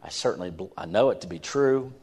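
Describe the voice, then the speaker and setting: A man's voice: low-pitched, lively intonation, quick pace, a little mellow, breathy edge. A man preaching a sermon in a church, earnest and emphatic, often repeating words as he starts a phrase. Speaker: pastor.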